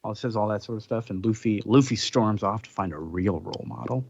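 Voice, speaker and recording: A man's voice: fairly low pitch, a little fast, darkish tone, muffled recording, a little hiss or hum. A man hosting a podcast, casually recapping a comic's plot with frequent ums and little chuckles. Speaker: podcast host. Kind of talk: casual chat, summarizing a comic.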